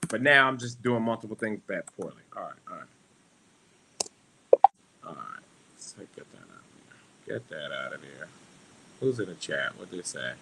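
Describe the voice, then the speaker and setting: A man's voice: low voice, lively intonation, moderate pace, vocal fry, long pauses, noisy background. A young man hosting a casual solo livestream, rambling and joking at his own expense, swearing freely and laughing often. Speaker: livestream host.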